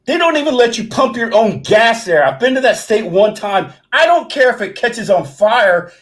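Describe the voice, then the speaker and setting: A man's voice: very high-pitched, moderate pace. Rambling man hosting. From Kentucky, USA. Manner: rambling, animated storyteller. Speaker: host. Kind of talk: casual livestream chat.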